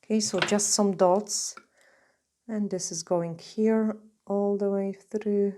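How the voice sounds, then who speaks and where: Woman doing a nail tutorial, slow and chatty, voice going a bit hoarse. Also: mid-range voice, level tone, dark tone. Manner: chatty and gushing, many "like" fillers. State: losing her voice. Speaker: nail artist teaching a tutorial. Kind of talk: casual tutorial narration while working.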